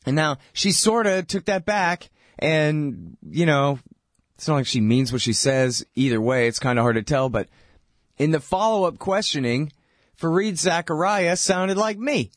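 A man's voice: fairly high pitch, measured pace, no echo, studio quality. A man hosting a political talk show, delivering a sarcastic, heated commentary monologue.

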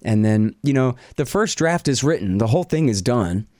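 A man's voice: medium pitch, animated, moderate pace, mellow, no room sound, studio quality. A man hosting a casual Q and A show, talking in a rambling, self-deprecating way with plenty of fillers and the odd curse. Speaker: podcast host. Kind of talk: casual Q and A chat. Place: home office.

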